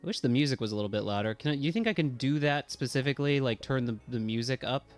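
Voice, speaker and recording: A man's voice: mid-range voice, fast talker, faint music behind. A man streaming a video game live, chatting casually, swearing and yelping when things go wrong. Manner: excitable, swears freely, yelps and talks to chat. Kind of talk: casual live gameplay commentary.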